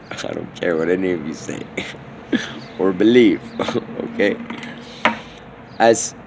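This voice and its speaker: A man's voice: low-pitched, slow pace, creaky, long pauses, background noise. A man delivering a meandering, slang-filled spoken monologue, often trailing off and restarting his thoughts.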